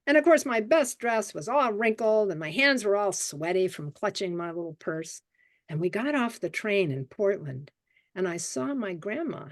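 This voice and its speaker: A woman in her seventies shares a childhood memory as a storyteller, painting scenes in vivid detail. Her mid-range voice moves with lively, animated pitch as she draws listeners in. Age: 70s. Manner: vivid, expressive childhood memoir telling. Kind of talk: personal storytelling. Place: story swap event.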